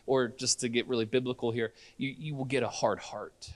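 A man's voice: mid-range voice, fairly even intonation, a little fast. A middle-aged man preaching a sermon in church, earnest and conversational, often restarting his sentences. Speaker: pastor.

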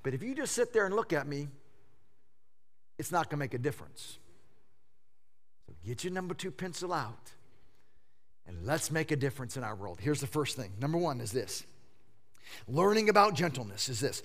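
Lively, bright-voiced male preacher. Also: fairly high pitch, normal speed, pauses often. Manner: dramatic swings from loud to hushed; emphatic, repeats phrases for effect. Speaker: pastor. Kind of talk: sermon.

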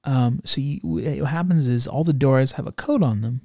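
A man's voice: medium pitch, moderate pace, mellow, no room sound, studio quality. A young man in casual chat, animatedly telling a funny travel story and acting out the people in it.

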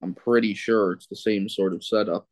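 A man's voice: on the low side, fairly even intonation, normal speed, a little mellow, dry recording. A man who is a guest on a podcast, chatting in an easygoing way and hedging his opinions. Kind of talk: casual chat.

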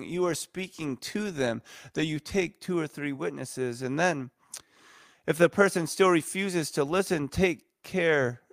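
A man's voice: fairly high pitch, no room sound, studio quality. A man preaching a sermon as a pastor, earnest and emphatic, stacking repeated phrases.

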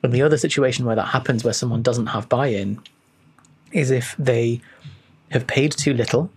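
A man, a fitness coach and podcast co-host, explaining his views thoughtfully in long, halting sentences on a video call. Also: medium pitch, darkish tone, husky. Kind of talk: casual podcast chat.

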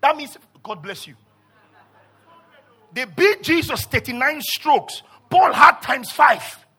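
A male pastor preaching a sermon, swinging from low murmurs to loud shouts and acting out scripture voices. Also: lively intonation, slow pace. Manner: acts out scripture voices and asides.

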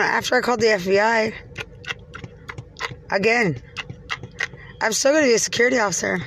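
A woman's voice: mid-range voice, fairly bright tone, a little hiss or hum. A woman from Texas, ranting from inside her car in an agitated, profane, rambling way. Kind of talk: angry rambling rant.

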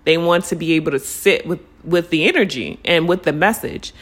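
A woman with a slightly low voice hosts a reflective spiritual podcast, addressing her listeners casually. She talks in an earnest, conversational way and draws out her words when she urges them to slow down. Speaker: podcast host.

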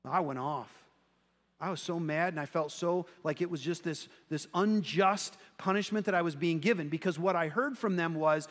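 A man preaches in a relaxed, conversational way, gently poking fun at himself as he tells a story. His voice sits high, and each phrase rings out into a long hall reverb. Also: normal speed. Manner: conversational and self-deprecating storytelling. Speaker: pastor. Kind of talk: sermon.

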